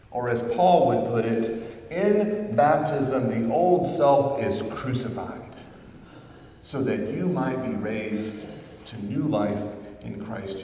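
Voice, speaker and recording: A male pastor preaching a sermon, telling stories slowly and building to emphatic peaks. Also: medium pitch, a little mellow. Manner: slow, storytelling, swelling to emphatic peaks. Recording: echoey church hall from far off.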